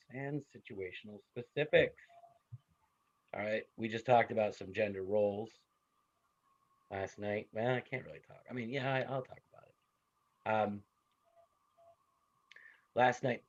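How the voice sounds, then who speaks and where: A man in his thirties or forties giving a classroom psychology lecture, animated and conversational, with stories from home. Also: mid-range voice, muffled recording. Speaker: psychology instructor.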